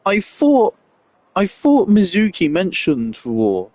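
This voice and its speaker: A man's voice: on the high side, wildly swooping pitch, drawn-out words, long pauses, no echo. A man giving casual, blunt commentary while playing a video game, swearing freely and laughing at himself. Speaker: gamer commenting on his playthrough.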